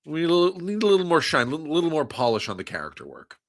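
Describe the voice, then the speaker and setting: A man's voice: on the high side, wildly swooping pitch, rapid-fire. A man co-hosting a wrestling podcast in casual chat, making dry, wry remarks with stammering restarts. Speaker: podcast co-host.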